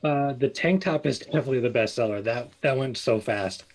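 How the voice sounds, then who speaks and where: Talking fairly quickly in a mid-range voice, a male guest describes his small clothing business in a loose, casual interview. He rambles comfortably with plenty of fillers and false starts, captured on a rough recording.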